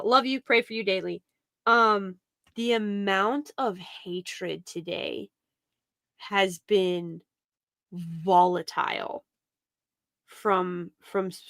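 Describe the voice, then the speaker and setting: Woman guest on a video-call chat, rambling and restarting, mid pitch, dry close sound. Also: smooth, no room sound. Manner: rambling, many restarts and fillers; quotes others in animated retellings. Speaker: podcast guest. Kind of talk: casual chat.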